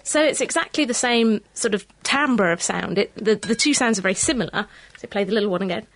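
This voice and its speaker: A woman's voice: medium pitch, a little fast, music in the background. A woman guest on a radio science show, cheerfully explaining and demonstrating. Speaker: studio guest musician.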